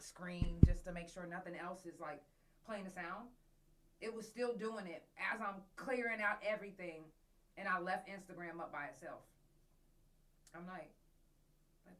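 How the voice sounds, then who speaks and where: A woman's voice: fairly low pitch, a bit bright, far from the mic. A woman hosting her own podcast, talking in loose, profane, slang-filled storytelling. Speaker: podcast host. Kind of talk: casual solo podcast talk.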